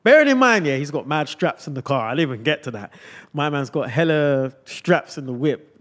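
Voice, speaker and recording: A young man tells a story on a casual podcast, full of slang and asides. His voice sits a little high and jumps around a lot in pitch. He talks in loose, excitable runs. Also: fairly quick. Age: young adult. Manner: animated, slang-heavy storytelling. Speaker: podcast host.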